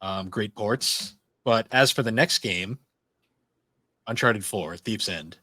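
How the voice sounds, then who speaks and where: A male podcast host who walks through the games point by point in a steady, even way. The recording is dry, with no room sound around him. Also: on the low side, slow pace, no echo. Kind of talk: casual podcast chat.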